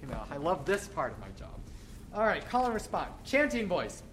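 Energetic man leading a choir rehearsal. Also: high voice, a little fast. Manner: energetic, encouraging, demonstrates phrases by singing and chanting. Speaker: choir director. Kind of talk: teaching a choir rehearsal workshop. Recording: echoey room with background noise.

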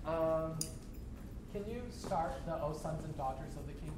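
A man working as a choir director, teaching a rehearsal in an energetic, encouraging way and demonstrating lines by chanting and singing them. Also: a little high, moderate pace. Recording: echoey room with background noise.

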